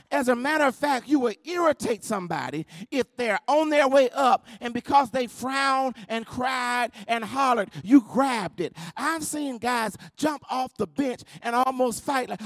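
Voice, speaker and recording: Pastor, male, very high voice, dry close sound; preaching sermon that builds to shouted, sung call-and-response. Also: moderate pace, creaky, hardly any pauses, no echo. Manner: drops to a low, intimate delivery.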